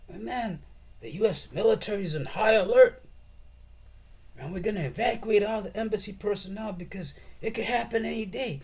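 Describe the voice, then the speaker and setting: A man's voice: high voice, moderate pace, creaky, darkish tone, husky. A man giving a profane, sarcastic and rambling political rant as a commentator.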